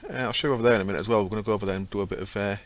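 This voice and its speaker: A gaming channel host with a fairly low voice and fairly even intonation talks at a racing pace over his own gameplay. His commentary is chatty and rambling, and he often corrects himself.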